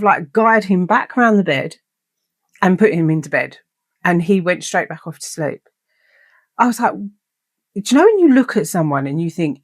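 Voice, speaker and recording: A woman hosting a casual podcast, telling stories in an animated way, swearing freely and acting out quoted lines. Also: lowish voice, normal speed, pauses often, no echo. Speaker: podcast host.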